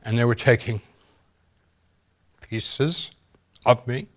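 Earnest man recounting a personal ordeal. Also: medium pitch. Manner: earnest, halting, with frequent pauses and fillers. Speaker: interview guest. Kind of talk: personal testimony in an interview.

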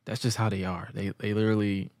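A man's voice: on the low side, little pitch movement, fast, darkish tone, dry recording, studio quality. A man hosting a podcast in casual chat, laid-back and rambling, laughing often. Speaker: podcast host.

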